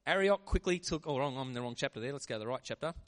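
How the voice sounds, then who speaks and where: A man preaching a sermon in a lively, conversational way. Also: medium pitch, rapid-fire. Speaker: pastor.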